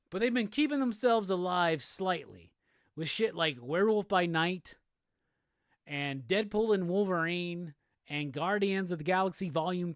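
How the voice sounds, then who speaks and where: A man whose voice sits high hosts a solo show, delivering an angry commentary rant. Recorded in studio quality with no echo, he's heated and profane, repeating phrases over and over.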